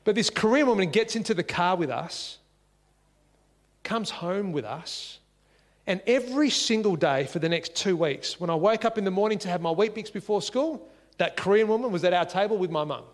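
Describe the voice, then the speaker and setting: An Australian man telling a personal story in a lively, conversational way, acting out the dialogue as he goes, seated at home at a dining table. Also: sits high, moderate pace, long reverb tail. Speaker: speaker sharing a life story.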